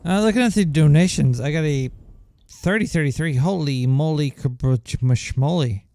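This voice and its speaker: A man's voice: on the high side, lively intonation, moderate pace, a little mellow, dry recording. A man hosting his own show, chatting casually and reading out listener donations in a laid-back way. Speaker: radio show host.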